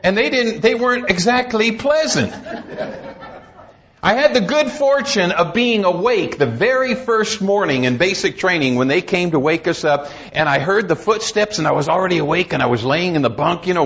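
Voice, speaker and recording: A middle-aged man preaches in a church with a high voice. He has a folksy, humorous way of telling stories. The recording sounds dull and lo-fi. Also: a bit bright. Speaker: pastor. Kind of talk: sermon.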